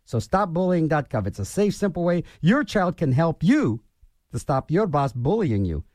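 A man's voice: on the high side, very animated, normal speed, darkish tone, dry recording, clean studio sound. A man hosting a radio show, rambling and ranting in a self-mocking way as he jumps from topic to topic. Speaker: radio DJ host. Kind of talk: rambling on-air monologue.

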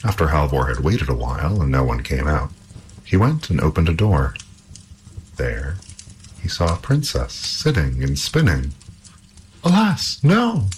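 A man reading a fairy tale aloud in an expressive, measured storytelling manner. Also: very deep voice, slight background noise.

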